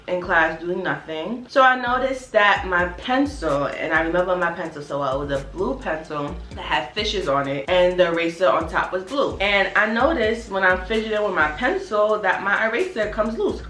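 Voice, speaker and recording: A woman's voice: medium pitch, fairly bright tone. A young woman from Brooklyn tells a casual storytime, blunt and swearing freely. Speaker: vlogger. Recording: roomy sound with faint music.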